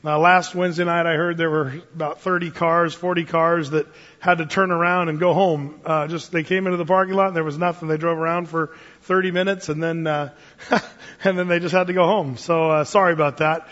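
A man preaching a sermon as pastor, enthusiastic and animated, with fillers and small chuckles, recorded in a church. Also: fairly high pitch, fairly quick. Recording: dull sound with long church reverb.

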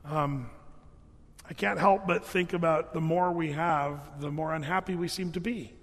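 This male pastor preaches at a measured pace, his high voice steady in tone and a little bright. His sermon style is casual, peppered with fillers and false starts, and it echoes with the long reverb of a big hall.

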